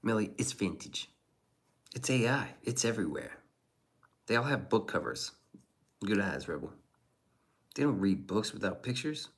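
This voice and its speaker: Low-voiced man swearing through casual chat. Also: big pitch swings, moderate pace, long pauses. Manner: profane, rambling, chuckling asides. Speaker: streamer reading chat.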